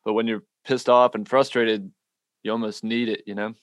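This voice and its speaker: A man hosting a podcast, asking loose, relaxed questions in a casual interview. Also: fairly low pitch, normal speed, no echo. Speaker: podcast host.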